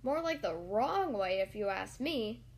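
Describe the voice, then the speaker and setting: A woman's voice: mid-range voice, expressive, a little slow, pitched below the performer's own voice. A woman voicing a fussy, bossy male rabbit who grumbles, in a storybook reading. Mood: grumbling.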